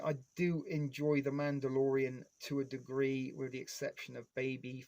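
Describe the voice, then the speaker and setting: A man's voice: medium pitch, little pitch movement, moderate pace, few pauses, darkish tone. A man in his forties streaming live, rambling casually with heavy swearing and nostalgic fan enthusiasm.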